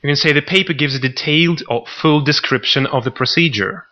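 A man co-hosting a podcast, teaching vocabulary in a scripted lesson and reading out example sentences in a measured way. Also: a little high. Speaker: podcast co-host. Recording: dull lo-fi recording.

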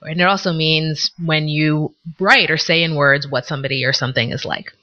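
A woman co-hosting a podcast, teaching vocabulary in a scripted lesson and explaining words with example sentences in a measured way. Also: deep voice, fairly even intonation, pushed and bright. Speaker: podcast co-host. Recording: dull lo-fi recording.

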